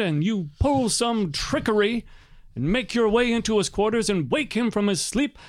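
A man's voice: high-pitched, dry recording, pitched above the performer's own voice, exaggerated voice. A man voicing an angry, loyal guard sergeant who scolds indignantly. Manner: indignant, shouting.

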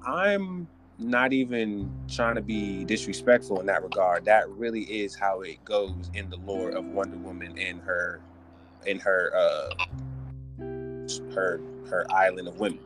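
A man's voice: deep voice, measured pace, over music. Joking, profane podcast host man. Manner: animated, joking, profane rants with many restarts. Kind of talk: casual comedic podcast chat.

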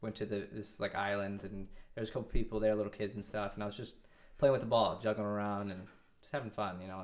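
A man in his twenties telling a long story in a casual interview, rambling and restarting often. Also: lowish voice. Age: 20s. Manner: rambling, with many restarts and quoted dialogue. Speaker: guest.

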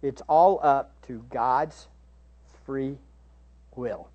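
A man preaching a sermon as pastor, shifting between hushed asides and raised, emphatic questions to the congregation. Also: medium pitch, drawn-out words, muffled recording. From United States. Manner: rhetorical tag questions to the congregation.

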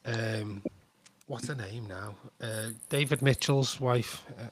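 A man's voice: medium pitch, slow pace, no room sound. Blunt, sweary man chatting. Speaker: podcast co-host. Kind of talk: casual chat.

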